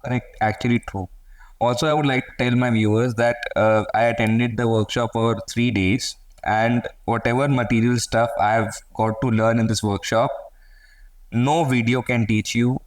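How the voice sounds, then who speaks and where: A man's voice: medium pitch, fairly even intonation, normal speed, distant mic, low-quality recording. A man hosting a podcast, earnestly thanking his guest and addressing his viewers. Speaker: podcast host. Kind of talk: casual interview.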